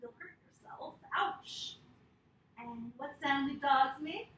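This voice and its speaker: A woman with a high voice reads a picture book to young children, drawing out her words in a slow, sing-song way. She coaxes the kids through animal poses and hand signs. The room around her is echoey. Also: expressive, a bit bright, slight background noise. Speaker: children's storyteller and yoga teacher. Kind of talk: reading a picture book with yoga and sign language for kids.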